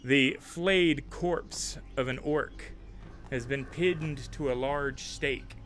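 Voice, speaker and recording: A man narrating a tabletop game as game master, relaxed and chatty with frequent fillers. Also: mid-range voice, slow, faint music behind.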